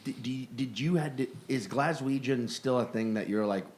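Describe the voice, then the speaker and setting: A man's voice: mid-range voice, moderate pace, a little mellow. An American man co-hosting a podcast, chatting casually and often restarting his sentences. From United States. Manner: stammering restarts, laughing asides. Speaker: podcast co-host.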